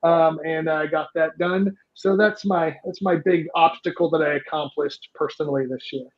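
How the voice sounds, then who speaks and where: A man's voice: a little high, steady tone, moderate pace. A man speaking as a panel guest, earnest and plainspoken. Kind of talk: reflective panel talk. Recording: dull lo-fi sound.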